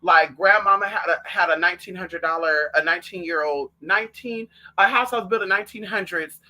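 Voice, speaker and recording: A man with a high-sitting voice speaks briskly in a sassy, outspoken vlog monologue. Animated and casual, he chats directly with the listener and calls them "girl".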